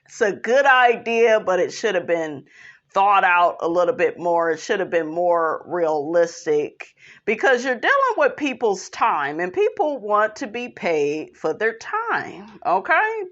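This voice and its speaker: A woman's voice: medium pitch, very animated, a little slow, a bit bright, lo-fi sound. A woman vlogger recapping a reality show in blunt, sassy, profane casual commentary, calling viewers "honey".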